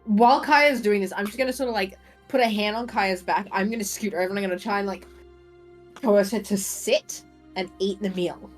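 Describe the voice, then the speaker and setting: A woman playing a casual tabletop game, animated and swearing freely as she chats and narrates her character. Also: mid-range voice, brisk, faint music behind. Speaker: player.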